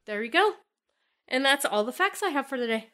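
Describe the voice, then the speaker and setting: A woman's voice: sits high, expressive, fairly quick, sharp tone. A woman co-hosting a podcast, sharing trivia and laughing easily. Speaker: podcast co-host. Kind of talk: casual podcast chat.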